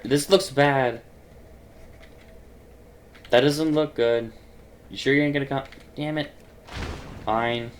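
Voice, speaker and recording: A man gives casual gameplay commentary, muttering to himself, joking and swearing at his own mistakes. His voice has a gravelly fry at an ordinary pitch. Steady background noise runs under the recording. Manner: self-deprecating, muttering, swears. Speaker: gaming video host.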